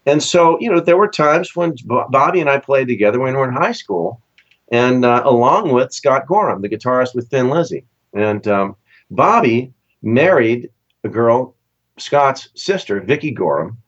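Animated storytelling man, lo-fi sound. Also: normal speed. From Southern California. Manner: animated storyteller, acts out quoted voices with big pitch jumps. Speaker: session musician guest. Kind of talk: casual storytelling interview.

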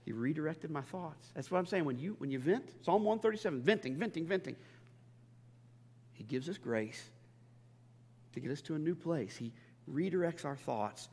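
A man preaching a sermon as a pastor, impassioned and stammering over restarts, swinging between loud and hushed. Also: a little high, animated, normal speed, long pauses, breathy edge. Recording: long hall reverb.

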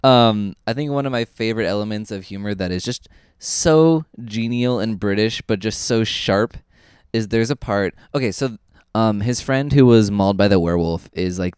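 A man with a lowish, smooth voice talks through a film review in loose, casual chat. He rambles and corrects himself as he goes, getting animated. The sound is dry and close. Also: dry recording. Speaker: podcast co-host.

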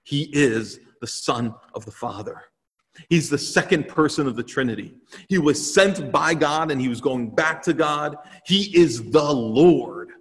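A man's voice: a little high, moderate pace, fairly bright tone. A male pastor giving an earnest, emphatic sermon in a church sanctuary. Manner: earnest, emphatic preaching with repeated phrases. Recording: long hall reverb.

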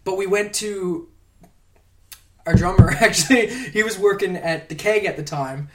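A man's voice: high voice, a little slow. A man chatting casually as a podcast guest, rambling and laughing as he tells stories and swears now and then. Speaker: podcast guest, props worker. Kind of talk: casual chat.

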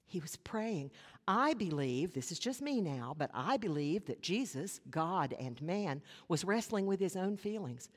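A woman pastor delivering a sermon, earnest, with rhetorical questions and dramatic pauses. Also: fairly low pitch, big pitch swings. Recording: long hall reverb.

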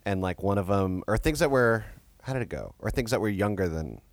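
A young man with a fairly low voice, chatting casually as a podcast co-host. He makes dry, offbeat jokes and often trails off and restarts his sentences. The sound is close and dry, with no room around it. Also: animated, a little fast, no echo. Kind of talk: casual chat about a movie.

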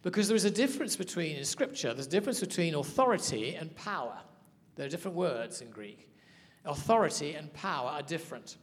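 A man teaching a sermon, telling stories in an animated way. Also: on the high side, brisk. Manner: storytelling, animated. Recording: hall reverb.

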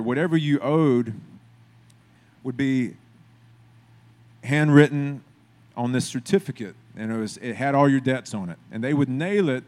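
Man, pastor, sermon, conversational preaching, emphatic repetition, mid pitch. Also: a little mellow.

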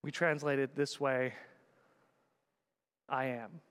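A man preaching a sermon as a pastor, swinging between loud urgent calls and hushed quiet words. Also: mid-range voice, steady tone, takes it slowly, clean tone, big-room sound.

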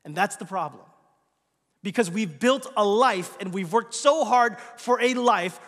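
A man with a fairly high voice preaches a sermon. He moves between loud, insistent emphasis and quiet, almost whispered asides. His voice rings out with a long reverb, as in a large church hall. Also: animated, a little slow. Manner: swings from loud emphatic lines to hushed, near-whispered asides. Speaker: pastor.

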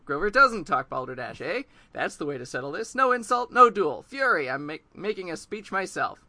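A man's voice: high voice, very animated, fairly quick, bright, forceful tone, no room sound, full character voice. A man reading as a blunt old owl. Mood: blunt, gruff. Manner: clipped, choppy phrasing. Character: blunt old male owl, gruff and outspoken.

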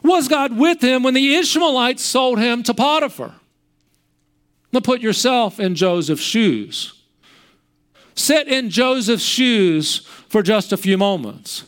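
A male preacher delivers a sermon in a notably high, smooth and clear voice. He works through repeated rhetorical questions and retells the story vividly. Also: expressive, slow pace, a bit bright.

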